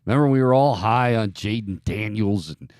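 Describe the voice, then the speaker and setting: A man's voice: lowish voice, moderate pace, darkish tone, clear, resonant tone, no echo, studio quality. A man hosting a sports betting show, giving opinionated picks in a loose, joking casual talk.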